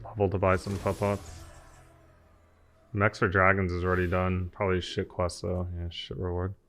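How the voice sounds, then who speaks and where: In a low, monotone voice that's still fairly bright, a man talks at a moderate pace. It's live-stream commentary on a card game: he thinks aloud and explains his answers to chat, with lo-fi music faintly audible.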